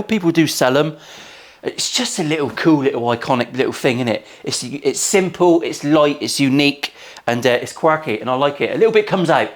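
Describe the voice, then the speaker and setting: Forties man, luthier, casual workshop chat, cheeky and crude, swears freely. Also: a little high. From England. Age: 40s. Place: guitar workshop.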